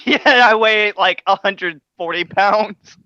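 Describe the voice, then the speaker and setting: A man's voice: high voice, steady tone, takes it slowly, sharp tone, smooth, dry recording, lo-fi sound. A man as a podcast guest, chatting playfully and laughing often. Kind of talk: casual chat.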